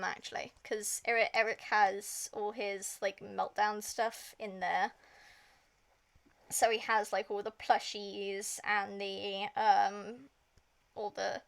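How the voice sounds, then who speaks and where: A woman streaming, retelling a story in a casual, rambling way, full of fillers and swearing. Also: mid-range voice. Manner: rambling, heavy filler use, frequent swearing.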